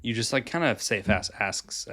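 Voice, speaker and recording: A young man co-hosting a podcast, chiming in with quick, blunt quips. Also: fairly low pitch, animated, bright, forceful tone. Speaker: podcast co-host. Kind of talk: casual chat.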